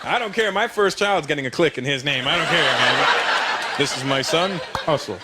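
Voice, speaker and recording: A man performing a stand-up comedy set before a large audience, telling animated stories and acting out the people in them. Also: on the high side, normal speed, very noisy. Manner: animated, storytelling with voices. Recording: live show with loud audience laughter.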